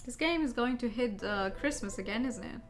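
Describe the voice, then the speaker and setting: A woman's voice: a little high, animated, fairly quick. A woman streamer chatting casually and bubbly as she plays a game and jokes with chat. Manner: bubbly, reacting and joking to chat.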